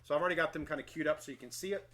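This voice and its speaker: A man's voice: a little high, rapid-fire, a bit bright, a little hiss or hum. A middle-aged brass player casually walking through his daily practice routine, candid and self-deprecating, thinking aloud with small restarts. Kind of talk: casual instructional talk.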